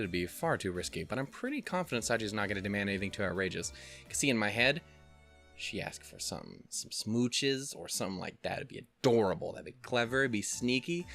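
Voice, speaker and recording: A man's voice: lowish voice, very animated, fairly quick, fairly bright tone, soft background music. Young man rambling through a visual novel. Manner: rambling, swears a lot, jokes and laughs at himself. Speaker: let's play host. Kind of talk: casual gameplay commentary and reading game text.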